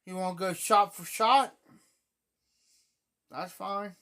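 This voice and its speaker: A man with an Ohio accent telling rambling stories on a live stream, repeating himself and often clearing his throat. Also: high-pitched, slow pace, bright, forceful tone. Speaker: livestream host. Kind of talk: casual storytelling chat. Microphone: phone or webcam on a live stream.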